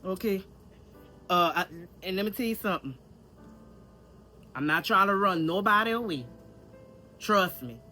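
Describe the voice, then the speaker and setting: She speaks a little slowly with frequent pauses, her medium-pitched voice animated, bright and forceful over soft background music. The country Louisiana vlogger is candid and chatty with viewers, talking to them directly and going over things more than once.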